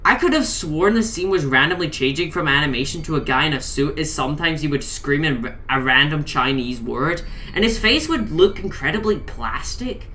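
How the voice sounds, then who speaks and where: A woman's voice: sits low, lively intonation, moderate pace, hardly any pauses, pushed and bright, slight background noise. A woman narrating a comedic horror story, exasperated and swearing heavily. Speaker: creepypasta reader.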